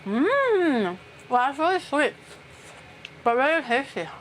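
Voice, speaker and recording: A woman's voice: high voice, big pitch swings, slow pace, slight background noise. A woman chatting casually with viewers while she cooks on a live stream, swearing now and then. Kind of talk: casual chat while cooking. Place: home kitchen.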